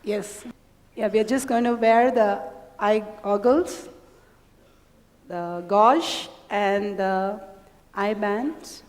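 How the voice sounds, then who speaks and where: Gentle woman guiding a demo, reverberant hall. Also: mid-range voice, very slow, long pauses. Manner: gentle, instructive, addresses others as "ma". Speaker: demonstration coordinator. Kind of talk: guiding a live demonstration. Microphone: handheld mic.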